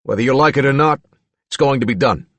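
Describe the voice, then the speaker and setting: A man's voice: medium pitch, quick pace, a bit bright, no echo, pitched above the performer's own voice, natural voice. A man voicing a dismissive, nasty male emergency room doctor who speaks curtly and with scorn. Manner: curt and scornful.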